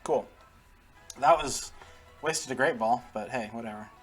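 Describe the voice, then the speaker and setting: A man's voice: mid-range voice, moderate pace, creaky, pauses often, slightly rough, faint music behind. Chatty man talking over gameplay. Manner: chatty, laughs often, talks to the game. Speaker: gaming channel host. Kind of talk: casual let's-play commentary.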